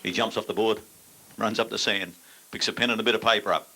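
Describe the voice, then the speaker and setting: A man's voice: lowish voice, steady tone, fast talker, pushed and bright. Blunt older Australian man telling jokes. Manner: blunt, crude storytelling with dry punchlines. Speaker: stand-up comedian. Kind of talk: stand-up comedy routine. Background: audience laughter.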